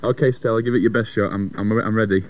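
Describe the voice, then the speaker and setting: A man's voice: on the low side, fairly even intonation, quick pace, slight background noise, poor audio. A man presenting a radio programme, chatting playfully with his co-host. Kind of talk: casual presenter banter.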